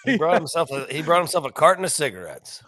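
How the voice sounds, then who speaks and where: A man's voice: fairly high pitch, sing-song, fast, fairly bright tone, no room sound. A man in his forties co-hosting a casual podcast, dropping dry, wry remarks and chuckling at his partner. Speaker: podcast co-host.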